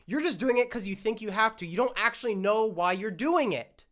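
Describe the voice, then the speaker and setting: A man's voice: high voice, animated, fairly quick, fairly bright tone. A young man hosting a solo podcast, ranting in a worked-up way and swearing often, his throat scratchy and prone to coughing. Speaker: podcast host.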